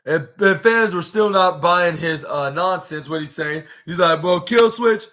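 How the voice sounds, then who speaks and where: A man's voice: fairly high pitch, unhurried, sharp tone. Rambling man recapping in casual chat. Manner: rambling, heavy use of filler words, retells scenes in paraphrased quotes. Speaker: podcast host.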